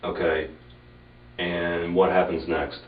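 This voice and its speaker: A man's voice: deep voice, level tone, slow. A man working as a police detective, questioning a suspect in a methodical, probing way. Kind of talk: police interrogation. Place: interrogation room. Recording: roomy, distant, dull archive tape.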